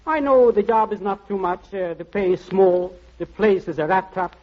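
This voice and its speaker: A man's voice: high voice, normal speed, natural voice. An actor playing an effusive, overly grateful male opera singer in a 1940s radio comedy. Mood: gushing. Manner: effusive, theatrical. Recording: dull, hissy vintage radio recording.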